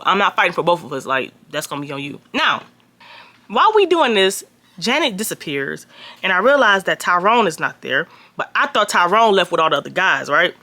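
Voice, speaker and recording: A young woman telling a storytime to her viewers, animated and profane, acting out the people she quotes in a raised voice. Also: fairly low pitch, no room sound. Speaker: storytime vlogger. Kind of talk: casual storytelling.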